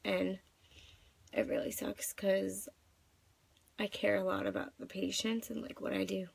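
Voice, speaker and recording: A young woman in her twenties talks into her phone through tears, rambling and full of fillers. Her voice is heavily gravelly and husky, recorded close and dry with no room sound. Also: mid-range voice, steady tone, measured pace, no echo. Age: 20s. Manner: upset, rambling, many fillers. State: crying. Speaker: vlogger. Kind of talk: live video venting.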